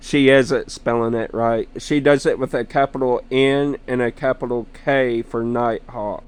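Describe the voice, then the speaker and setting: The young gaming vlogger drifts through relaxed, slow anecdotes about his sister and his game partner, with chuckles scattered throughout. His mid-range voice stays steady, clear, and resonant.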